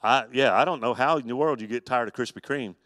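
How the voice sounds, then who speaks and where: A man, a pastor, teaching an evening adult Bible study in a folksy, animated storytelling way with touches of humor. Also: medium pitch, quick pace, no room sound, studio quality, long reverb tail.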